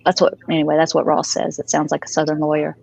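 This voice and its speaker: A woman's voice: sits low, completely flat delivery, fast talker, creaky, darkish tone, slightly rough, rough recording. A woman joking and teasing as a panelist in a casual live stream chat.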